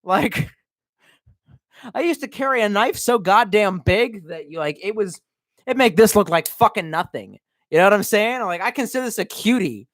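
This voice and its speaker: A drunk man from Baltimore rants on his stream, profane and mocking. His pitch swings widely as he jumps between yelling and low muttering. The sound is dry and close. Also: expressive, normal speed, no room sound. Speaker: streamer reading chat. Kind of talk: casual livestream rant.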